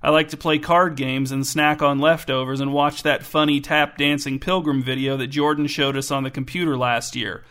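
A man's voice: fairly high pitch, fairly even intonation, moderate pace, few pauses, a bit bright, clear, resonant tone, close to an everyday voice. A man doing a grumpy, sardonic mom. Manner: dry, grumpy. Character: irritable, sardonic mother baking pies.

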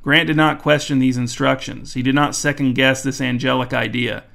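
A man giving a measured, even storybook narration. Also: mid-range voice, vocal fry. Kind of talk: scripted narration.

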